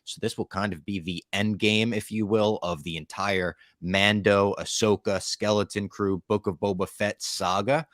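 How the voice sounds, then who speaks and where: Low-voiced podcast host man, dry sound. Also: steady tone, moderate pace, few pauses, fairly bright tone, dry recording. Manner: upbeat, leads the segments. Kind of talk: casual podcast chat.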